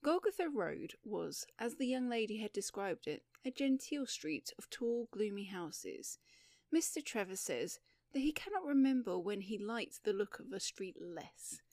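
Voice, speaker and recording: A woman narrating a classic story in a measured, expressive reading voice. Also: medium pitch, no room sound, clean studio sound. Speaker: audiobook narrator.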